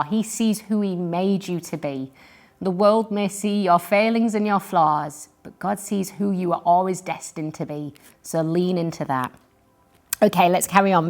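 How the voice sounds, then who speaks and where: A woman giving an earnest, encouraging devotional Bible teaching, reading scripture aloud and explaining it. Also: on the low side.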